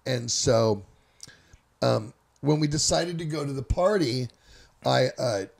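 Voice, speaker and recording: A man from Northern California with a gravelly, creaky voice tells a story in a relaxed, rambling way, and he swears freely. His pitch sits in the middle of the usual range for a man. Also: takes it slowly. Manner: profane, loose and rambling. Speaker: storyteller guest. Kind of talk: casual anecdotal storytelling.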